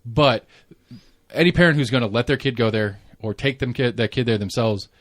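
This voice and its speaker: A man's voice: medium pitch, brisk, fairly bright tone, no room sound, clean studio sound. A man with a Southern US accent, hosting a casual podcast chat, rambling and swearing with many restarts. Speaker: podcast host. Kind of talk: casual conversation.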